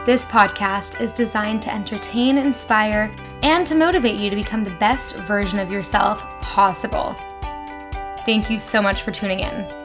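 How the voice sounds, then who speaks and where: A woman's voice: medium pitch, music in the background. A young woman hosting a lifestyle podcast from her bedroom, chatting in a gushing, effusive way with lots of fillers. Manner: gushing, effusive, quick filler-laden talk. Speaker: podcast host. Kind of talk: casual chat.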